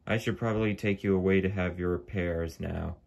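A man voicing a brisk male toy engine who reassures a sick friend in a hurried, bossy way. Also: sits low, fairly even intonation, vocal fry, a little mellow, dull audio. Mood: reassuring.

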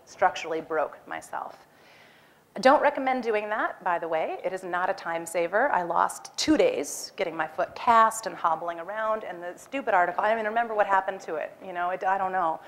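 A woman in her forties giving a talk on stage, lively and acting out her own lines with a raised voice. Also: mid-range voice. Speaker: speaker. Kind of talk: animated personal storytelling talk.

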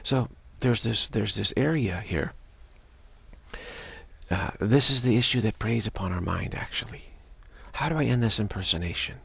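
Male spiritual teacher, lowish pitch, raspy gravelly voice, halting and repetitive delivery. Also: expressive, a bit bright, no room sound. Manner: halting, repeats words and restarts often. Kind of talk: reflective spiritual monologue.

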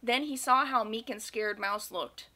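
A woman's voice: a little high, unhurried, bright, forceful tone. A woman reading a children's picture book aloud and chatting about it afterward. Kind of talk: read-aloud storytelling.

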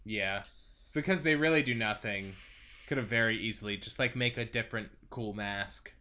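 A man co-hosting a movie podcast in casual chat, animated, peppering his talk with "like". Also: on the low side, normal speed. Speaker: podcast co-host.

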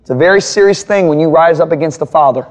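A man's voice: on the high side, fast talker. A male pastor teaching a Bible lesson in sermon style, telling stories with emphatic repetition.

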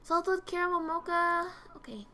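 A woman's voice: very high-pitched, normal speed. A woman streaming a game, chatting casually, reading orders aloud and swearing when things go wrong. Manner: excitable, swears, reads game dialogue aloud. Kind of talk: casual gameplay commentary.

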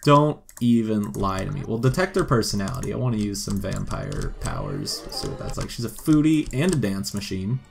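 A man's voice: on the low side, sing-song, a little fast, vocal fry, few pauses. A man giving casual, joking gameplay commentary and talking to the game characters as he plays. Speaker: gameplay video host.

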